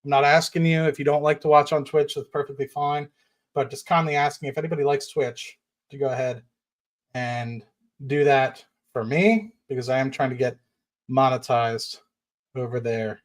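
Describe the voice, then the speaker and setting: A man's voice: mid-range voice, fairly even intonation, moderate pace. A man hosting a casual investing livestream, rambling with many fillers and restarts, fired up and standing while he talks. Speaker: livestream host.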